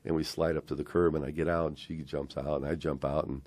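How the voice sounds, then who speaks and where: Very deep-voiced older man telling a story. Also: steady tone, a little mellow, dry recording. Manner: acts out quoted voices, halting restarts. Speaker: interview guest telling his story. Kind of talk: emotional personal storytelling.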